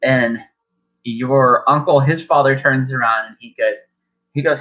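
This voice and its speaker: A man's voice: mid-range voice, steady tone, measured pace. A man running a horror tabletop game as game master, rambling, self-correcting, swearing casually. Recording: dull lo-fi recording.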